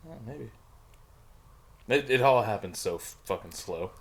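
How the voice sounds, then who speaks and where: A man in casual podcast chat, retelling a friend's crash with excitement, swearing and laughter. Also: lowish voice, unhurried, vocal fry. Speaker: podcast co-host.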